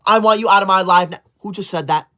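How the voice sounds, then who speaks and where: A man's voice: high-pitched, fast talker, sharp tone, slight background noise. A man playing a touchy, rule-obsessed young male livestreamer in a comedic parody, talking in a prim, stiffly formal, scolding way.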